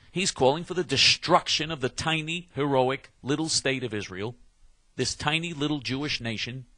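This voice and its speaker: A man's voice: mid-range voice, pushed and bright, no echo. A man delivering a heated, combative monologue rant, emphatic and stumbling over repeated restarts. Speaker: political commentator.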